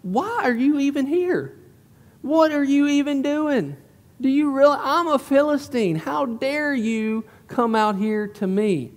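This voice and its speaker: A pastor putting on the voice of a boastful, taunting giant warrior, drawn out and mocking. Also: male voice, high-pitched, animated, unhurried, long pauses, a little mellow, in a large hall.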